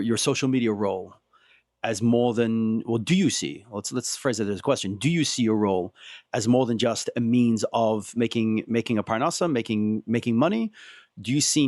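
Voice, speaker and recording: A man's voice: medium pitch, a little mellow, no room sound, clean studio sound. Thoughtful male podcast host. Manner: thoughtful, agreeing, asks long questions. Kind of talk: casual interview.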